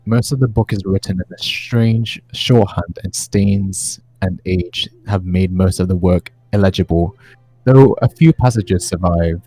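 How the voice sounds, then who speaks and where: A laid-back male game master narrating a tabletop session, often pausing on fillers. His voice sits very low and sounds mellow and husky. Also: dry recording, soft background music, low-quality recording.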